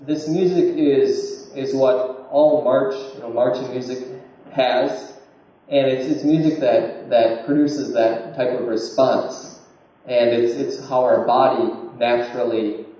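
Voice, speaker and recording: A man with a mellow, low-key voice explains step by step, often stumbling and repeating words. He sounds far from the mic in a very echoey room, and the recording is dull and muffled. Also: fairly even intonation, slow pace. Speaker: lecturer. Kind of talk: informal explanatory talk. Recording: distant, muffled room recording with heavy echo.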